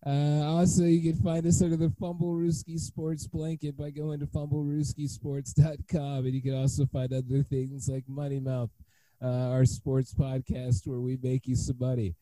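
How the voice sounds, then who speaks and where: Podcast host guy, mellow voice, keeps cracking up, dry close mic. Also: mid-range voice, level tone, normal speed, dry recording, rough recording. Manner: laughing often, loose and rambling. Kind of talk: casual sports podcast banter.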